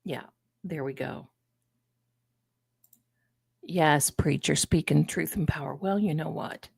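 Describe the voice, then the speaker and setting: A woman's voice: sits low, slow pace, vocal fry, a little mellow, breathy edge, dry recording. An older woman hosting a live stream, chatting loosely and drifting into personal stories. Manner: chatty, digressive, storytelling asides. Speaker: host of a live tarot and commentary stream. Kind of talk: casual live-stream commentary.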